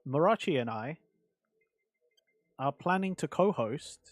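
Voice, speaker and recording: Man, casual livestream chat, rambling with fillers, slightly high pitch, dry close mic. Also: lively intonation, unhurried, no echo. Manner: chatty and rambling, answers chat with many fillers. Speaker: streamer.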